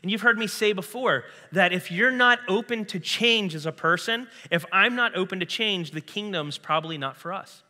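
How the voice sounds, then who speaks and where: A man preaching a sermon as pastor, earnest and emphatic, his throat a little clogged so he keeps clearing it. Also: high-pitched, normal speed, few pauses, sharp tone. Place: church sanctuary. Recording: long reverb of a large hall.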